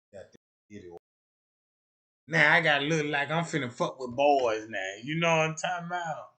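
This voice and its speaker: A man's voice: high-pitched, pushed and bright. Rambling man on a crude livestream rant. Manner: rambling and boastful, with frequent "you know what I'm talking about".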